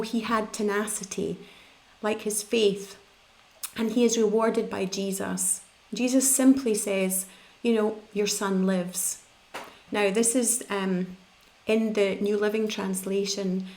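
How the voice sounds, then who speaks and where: A woman's voice: mid-range voice, a little mellow. A middle-aged woman from the UK preaching a sermon, explaining scripture in a conversational teaching manner.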